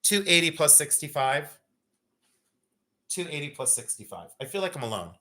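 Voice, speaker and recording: A man in his fifties hosting a live jewelry sale, chatting loosely and breaking into rapid auctioneer chant. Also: fairly high pitch, very animated, bright, forceful tone. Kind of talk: live-stream sales chat.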